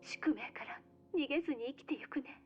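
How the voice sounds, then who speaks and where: An actress voicing a young woman in a video game cutscene, speaking softly and wistfully. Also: high-pitched, very fast, close to an everyday voice. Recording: game audio, dull, under piano music.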